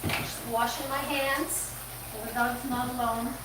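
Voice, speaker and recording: A woman's voice: fairly high pitch, fairly even intonation, measured pace. A woman hosting a live stream as a dog groomer, chatting casually with viewers and cooing at the dog she works on, recorded on the device's own mic indoors. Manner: chatty, coos at the dog between talking to viewers. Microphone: device mic, her own mic not set up. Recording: echoey room with background noise.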